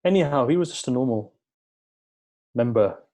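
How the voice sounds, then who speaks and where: Earnest man preaching in a mellow voice. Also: mid-range voice, expressive, normal speed. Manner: earnest, repeats phrases for emphasis, acts out quoted dialogue. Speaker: speaker at a religious gathering. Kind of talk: sermon with storytelling.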